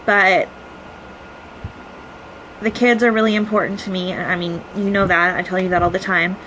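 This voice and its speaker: A young woman talks straight to the camera in a personal video message, her voice halting and emotional as she fights back tears. Her pitch sits in an ordinary middle range, and she trails off into frequent pauses and fillers. A clear hum of air conditioning runs under the whole recording. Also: fairly even intonation, bright, forceful tone, low-quality recording. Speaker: vlogger.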